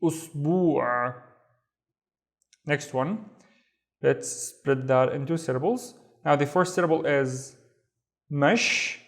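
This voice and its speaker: A man teaching Arabic reading, sounding out syllables slowly and patiently. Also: mid-range voice. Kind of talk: language lesson.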